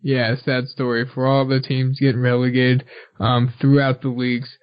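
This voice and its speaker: Podcast host guy, flat monotone, asks questions with lots of ums, muffled audio. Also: medium pitch, normal speed. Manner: steering the talk with questions and fillers. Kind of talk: casual football podcast chat.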